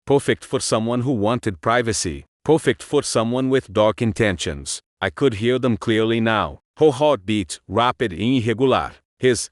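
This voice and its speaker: Slow, brooding male storyteller. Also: medium pitch, no echo, clean studio sound. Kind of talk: scripted first-person narration.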